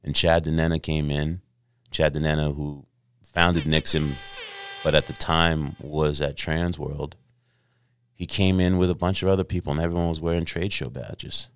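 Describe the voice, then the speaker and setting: A middle-aged man with a very deep, low voice tells a casual story as a podcast guest. He swears freely and acts out what other people said, all of it captured close and dry. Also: fairly even intonation, normal speed, smooth, no echo.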